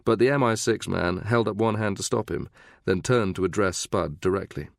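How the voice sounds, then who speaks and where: A man narrating a thriller audiobook in a steady, measured reading. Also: lowish voice, vocal fry, no echo, studio quality. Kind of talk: scripted narration.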